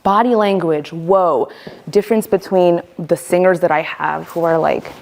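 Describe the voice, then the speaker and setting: A woman teaching a voice workshop, lively and playful, acting out the voices she quotes. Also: lowish voice, normal speed, creaky. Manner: animated, acts out quoted voices. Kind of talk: workshop lecture.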